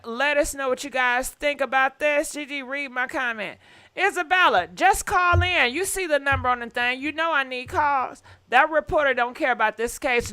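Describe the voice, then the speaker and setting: A woman hosting a gossip live stream in a loose, chatty way, talking straight to her viewers. Her voice sits high and has a bright, forward edge. She drops a curse word here and there as she goes. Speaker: gossip channel host. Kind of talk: casual live-stream commentary.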